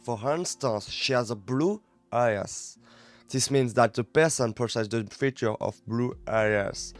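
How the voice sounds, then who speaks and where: A French man whose native language is French reads English lessons aloud on a study live stream, with a French accent. He halts now and then to repeat words while practising pronunciation. His pitch is medium, and there's faint music behind.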